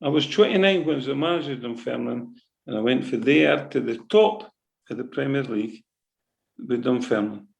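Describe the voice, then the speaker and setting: A man's voice: mid-range voice, a little fast, gravelly, low-quality recording. A middle-aged Scottish man, a football manager, telling an emotional story in an interview, repeating himself and often checking in with "right?". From Scotland. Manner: animated, repetitive, keeps asking "right?".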